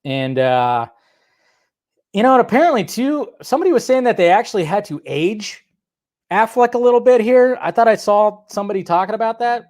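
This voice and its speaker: High-voiced man rambling about films. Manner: rambling, chatty, full of "you know" asides. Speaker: film news vlogger. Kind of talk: casual film commentary.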